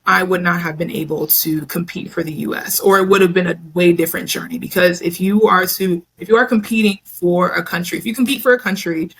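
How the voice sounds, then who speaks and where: A young woman in a casual interview, talking about her experiences in a chatty, animated way, acting out quotes as she goes. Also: on the low side, brisk, hardly any pauses, slightly rough. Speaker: interview guest, Olympic hammer thrower.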